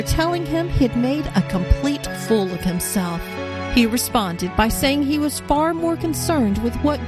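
A woman host tells a Bible story in a measured, scripted way. Her voice sits fairly high. Music plays clearly beneath her. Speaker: radio devotional host. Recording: music bed under voice.

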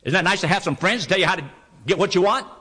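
A man's voice: high voice, racing, sharp tone, slightly rough. A man preaching a sermon, reading scripture aloud and driving his points home with rhetorical questions he answers himself. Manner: reads King James scripture aloud.

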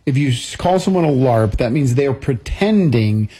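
A man's voice: mid-range voice, lively intonation, normal speed, dark tone, slightly rough. A man co-hosting a radio show, with dry jokes in casual banter. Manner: dry, joking. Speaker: radio co-host. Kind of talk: casual chat.

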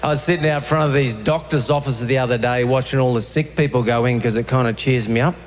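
A man with an Australian accent performing a stand-up comedy routine, telling deadpan stories and acting out the voices of other people. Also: medium pitch, fast, background noise. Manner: deadpan storytelling with acted-out voices.

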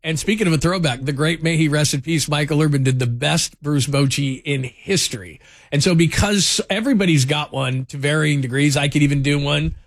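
A man's voice: a little high, brisk, dry recording, clean studio sound. A man hosting a sports talk radio show, telling stories in a chatty way with lots of fillers. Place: radio studio. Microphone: studio microphone.

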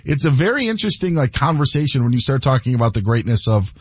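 Husky-voiced man giving football opinions. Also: mid-range voice, sing-song, fast, no echo, lo-fi sound. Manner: rambling, restarts, opinionated. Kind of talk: casual sports talk.

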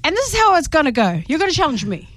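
A woman's voice: sits high, sing-song, very fast, a bit bright. A woman hosting breakfast radio, playful and teasing with a mock-boastful streak, speaking into a studio microphone. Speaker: radio host.

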